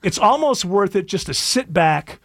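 A male radio host with a high voice that swings up and down a lot as he rambles through sarcastic opinions. The sound is dry and close. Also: sing-song, normal speed, a bit bright, dry recording. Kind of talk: casual comedic talk radio banter.

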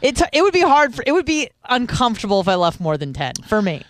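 A woman's voice: fairly high pitch, big pitch swings, fast, dry recording. A woman co-hosting a radio talk show, asking skeptical questions in casual chat. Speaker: radio co-host.

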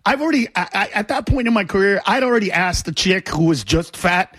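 A man, a comedian and guest on a radio show, telling a story in an excitable way that breaks into shouts and laughs, in a radio studio on a studio mic. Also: high voice, fairly quick, breathy edge, no echo.

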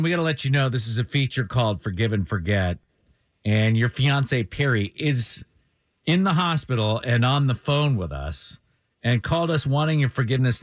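A man's voice: medium pitch, dry recording. Upbeat male morning radio host. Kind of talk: morning radio prank call segment.

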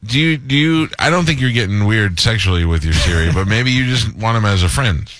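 A man hosting a radio show, teasing his co-hosts in casual banter with quick comebacks. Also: on the low side, expressive, fairly bright tone, dry recording.

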